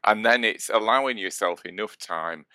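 A man's voice: fairly low pitch, moderate pace, bright, forceful tone, dry recording. A man co-hosting a baking podcast, chatting casually and trailing off with restarts. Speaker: podcast co-host, baker. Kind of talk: casual chat.

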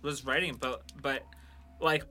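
Bright, giggly podcast co-host man. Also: medium pitch, fairly even intonation, normal speed. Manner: chatty, laughs often. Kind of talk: casual podcast banter.

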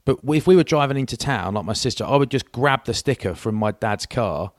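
A man's voice: medium pitch, animated, brisk, no echo, studio quality. A man in his forties co-hosting a podcast, telling rambling, self-mocking anecdotes in casual chat. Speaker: podcast co-host.

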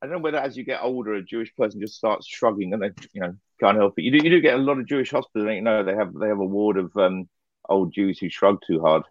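Wry self-mocking man, low voice. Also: fast, no echo, dull audio. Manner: wry, self-mocking storyteller who laughs often. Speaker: guest. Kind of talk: casual podcast chat.

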